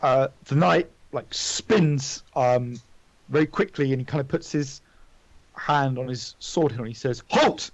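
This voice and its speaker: A man running a tabletop game, gravelly and dry. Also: medium pitch, measured pace, no room sound, lo-fi sound. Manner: casual, with many fillers and restarts. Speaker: dungeon master.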